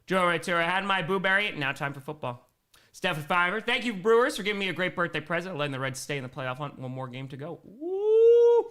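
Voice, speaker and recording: A man's voice: fairly high pitch, quick pace. A young man with an Upper Midwest American accent, hosting a live football stream from home, calling plays and reading chat comments. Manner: energetic, calls plays and reads chat comments. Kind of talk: live play-by-play and chat reactions. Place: home room.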